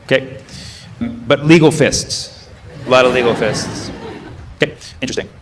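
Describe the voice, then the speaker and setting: A man doing stand-up at a comedy club interacts with the audience, quizzing them and backtracking mid-sentence. He talks at normal speed in a mid-range voice over background noise of laughter and murmur.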